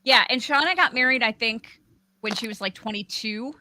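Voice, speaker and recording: A woman's voice: a little high, normal speed, sharp tone, dry recording. A woman guest host in casual chat, hesitant and restarting her sentences.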